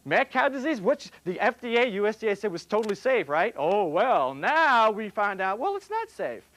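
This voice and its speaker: Older male vet, folksy convention speaker, slightly high voice, jokey and animated. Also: normal speed. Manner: folksy, joking, animated storyteller. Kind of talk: conference talk with told jokes. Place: convention hall.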